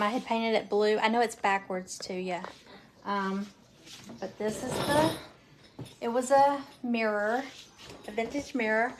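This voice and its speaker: A woman's voice: a little high, slight background noise. A woman chatting casually to viewers while she works on a craft project live from home. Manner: chatty, talks while working with hands, addresses viewers as y'all. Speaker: craft live-stream presenter.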